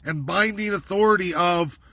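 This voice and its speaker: A man's voice: sits high, normal speed, pushed and bright, no room sound. A man delivering an angry, profane political rant, heated and accusatory. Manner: heated, swearing, accusatory, emphatic. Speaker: political commentator.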